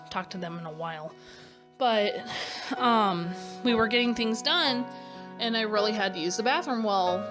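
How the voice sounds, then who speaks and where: A woman's voice: medium pitch, a bit bright. Young woman, candid rambling voice-over. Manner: candid and rambling, with frequent fillers and self-corrections. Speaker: vlogger answering a tag. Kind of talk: casual voice-over. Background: clear background music.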